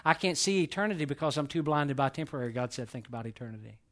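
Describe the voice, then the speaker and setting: A middle-aged man preaching a sermon to his church, swinging between loud emphatic peaks and soft hushed lows. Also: fast talker. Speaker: pastor. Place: church sanctuary.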